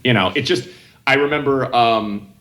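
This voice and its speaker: A man's voice: mid-range voice, moderate pace, a bit bright, echoey room, rough recording. A man, a comedian guest, telling rambling anecdotes on a casual podcast and often acting out the people in them. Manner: rambling, self-interrupting anecdotes with quoted voices.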